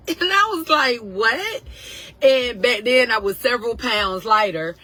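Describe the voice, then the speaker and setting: A woman in her thirties, a nurse, telling a personal story casually to viewers, animated and emotional, acting out what others said. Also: a little high, measured pace, low-quality recording. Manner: animated, emotional, acts out quotes.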